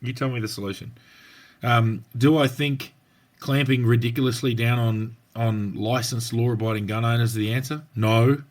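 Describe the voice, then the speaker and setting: An Australian man co-hosting a podcast, swapping stories in blunt, slangy talk. His voice sits in an ordinary middle pitch. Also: steady tone, normal speed. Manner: blunt, colloquial storytelling with slang. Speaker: podcast co-host, former police officer. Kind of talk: casual podcast chat.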